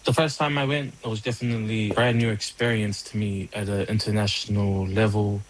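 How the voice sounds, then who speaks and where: Low-voiced male boxer from Niue, interview, reflective and plain. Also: flat delivery, brisk, poor audio. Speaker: athlete being interviewed.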